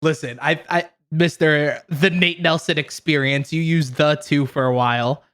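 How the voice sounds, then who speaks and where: A man's voice: on the high side, fairly even intonation, moderate pace, fairly bright tone. A young man co-hosting a podcast over a video call, easygoing and teasing in casual chat. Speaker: podcast co-host.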